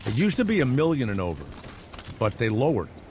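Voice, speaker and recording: Animated rambling male radio host. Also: medium pitch, fairly quick, a little hiss or hum. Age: middle-aged. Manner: rambling, sarcastic, animated asides with mock voices. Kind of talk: comedic talk radio monologue.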